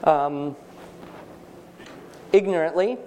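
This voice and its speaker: A man's voice: a little high, extremely slow, warm tone, a little hiss or hum. A man teaching a writing workshop for parents in a seminar room with a live audience. He is emphatic and joking, and he quizzes the listeners.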